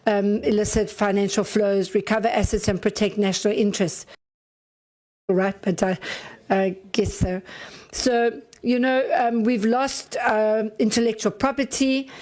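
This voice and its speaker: This is a woman questioning officials in a parliamentary committee. She speaks at a mid pitch for a woman, in a hesitant, meandering way. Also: darkish tone. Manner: meandering, hesitant, with many fillers. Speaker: member of parliament.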